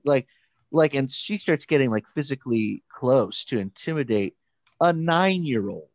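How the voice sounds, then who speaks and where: A man, a pastor and camp counselor, telling a story in casual chat, animated and halting, with many restarts and quoted voices. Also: medium pitch, no room sound.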